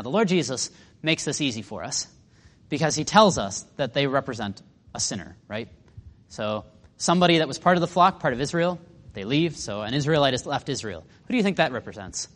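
A man's voice: mid-range voice, a bit bright, long reverb tail. A man teaching a Bible lesson in a conversational way, putting questions to his listeners.

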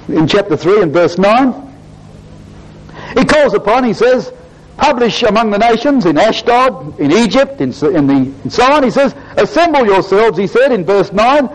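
A man preaching a Bible exposition to his congregation, emphatic and animated, often addressing them as brethren and sisters. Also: sits high, rough recording. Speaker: lay preacher giving a Bible talk.

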